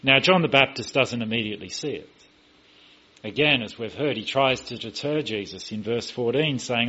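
A man's voice: medium pitch, normal speed, sharp tone, breathy edge, lo-fi sound. A man preaching a sermon, telling stories emphatically and acting out the quoted voices. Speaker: pastor.

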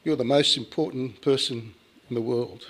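A man voicing a selfish, tempting woman in a soft, coaxing murmur. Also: medium pitch, moderate pace, husky.

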